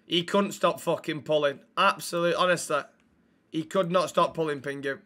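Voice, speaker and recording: A young man talks to his live chat while playing a game. His voice sits a touch high and rings very bright. His delivery is blunt, sweary banter into a desk mic. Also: normal speed. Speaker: streamer.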